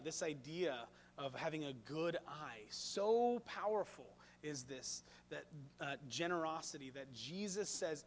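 A man's voice: a little high, a little hiss or hum. A man preaching a sermon, speaking animatedly and putting questions to the congregation. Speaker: pastor.

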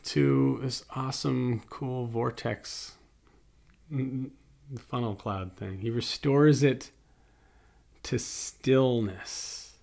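A man's voice: medium pitch, steady tone, very slow, vocal fry, long pauses, a little mellow. A man preaching a sermon, reflective, mixing scripture with a family story and rhetorical questions to the congregation. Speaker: pastor.

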